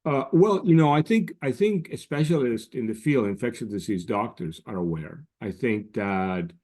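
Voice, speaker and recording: A man answering interview questions as an expert guest, in a measured, explanatory way with frequent restarts. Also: mid-range voice, animated, a little mellow. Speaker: guest scientist.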